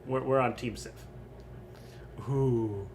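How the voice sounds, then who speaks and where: A young man streams casual, crude game commentary, rambling and swearing freely with frequent ums. His middle-range pitch holds a steady tone at a slow pace, and a faint hiss runs under the recording.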